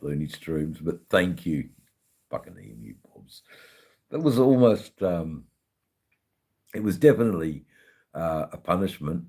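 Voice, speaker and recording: A middle-aged Australian man hosting a casual livestream, chatting with viewers in a halting way, full of ums and repeated words, swearing now and then. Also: very deep voice, mellow. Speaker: livestream host.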